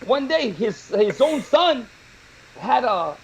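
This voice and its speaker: A man co-hosting a talk show, telling funny stories in a lively, laughing way. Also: very high-pitched, slow, slight background noise, low-quality recording. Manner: animated, laughing storyteller. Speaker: show co-host. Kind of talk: casual storytelling chat.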